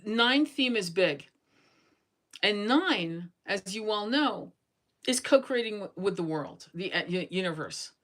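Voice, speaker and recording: A woman's voice: mid-range voice, expressive, slow, fairly bright tone, poor audio. A woman giving a casual tarot reading, blunt and chatty, swearing freely as she goes through the cards. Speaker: tarot reader.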